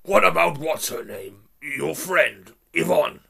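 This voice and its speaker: A man voicing a blustering, bullying middle-aged man who speaks slowly and heavily. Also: on the high side, animated, vocal fry, pushed and bright, pitched above the performer's own voice, heavily acted. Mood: gruff. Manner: slow, heavy, threatening.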